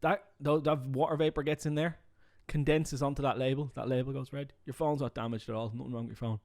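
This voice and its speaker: A man with a Dublin Irish accent, co-hosting a podcast in casual chat, emphatic and animated, often tagging "right?". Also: mid-range voice, fast. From Ireland. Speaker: podcast co-host. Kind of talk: casual chat, telling jokes.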